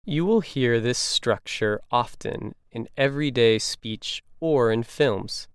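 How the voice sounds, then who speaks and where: A man reading a scripted grammar lesson in a measured, explanatory way. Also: mid-range voice, clear, resonant tone, dry recording, clean studio sound. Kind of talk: scripted educational narration.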